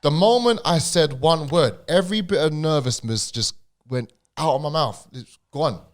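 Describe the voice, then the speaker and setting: A young man with a stammer, talking as a guest on a podcast in a casual, halting way with slang. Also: on the high side.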